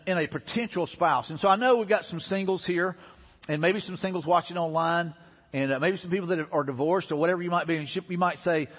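A man's voice: sits high, slightly rough. A middle-aged man, preaching a sermon as pastor in a folksy, conversational way. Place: church sanctuary. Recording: dull lo-fi audio in a reverberant hall.

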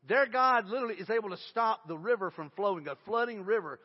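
A man with a high, husky voice preaches in a conversational, animated manner. He moves between reading scripture aloud and retelling it in everyday words. The sound is muffled, and a long reverb hangs in the church hall. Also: fast. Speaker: pastor. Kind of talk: sermon.

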